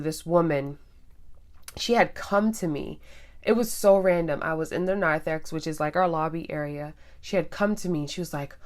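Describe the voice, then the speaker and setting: Low-voiced woman telling a chatty story. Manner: chatty, animated, addresses viewers directly. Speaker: vlogger. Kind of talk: casual storytelling.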